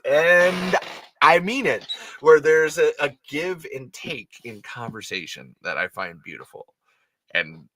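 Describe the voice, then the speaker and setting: A man hosting a podcast in casual chat, animated and profane, laughing often and restarting his sentences. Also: a little high. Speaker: podcast host.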